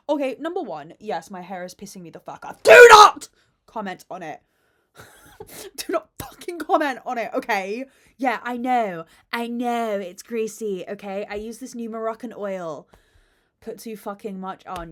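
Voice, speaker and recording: Woman podcast host rambling to her phone at home, chaotic and sweary, big dramatic swings. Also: mid-range voice. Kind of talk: casual chat to camera. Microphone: phone camera.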